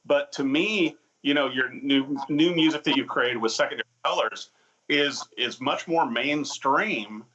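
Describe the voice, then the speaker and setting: Bright-voiced male host, enthusiastic. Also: medium pitch, a little slow, highs cut off. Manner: enthusiastic, affirming, lots of fillers. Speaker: TV show host. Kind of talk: casual interview talk.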